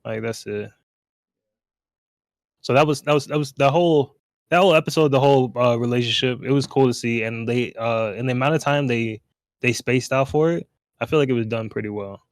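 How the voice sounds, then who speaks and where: A podcast co-host chatting casually, rambling with lots of fillers. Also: male voice, medium pitch, fairly quick, no echo. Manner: rambling, fills gaps with "like" and "uh". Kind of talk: casual chat.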